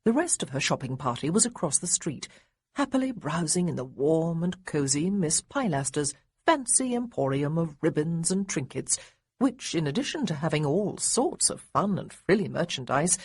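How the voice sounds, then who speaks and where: A woman narrating an audiobook with lively, expressive storytelling. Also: sits low, moderate pace, husky, no echo. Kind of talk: scripted narration.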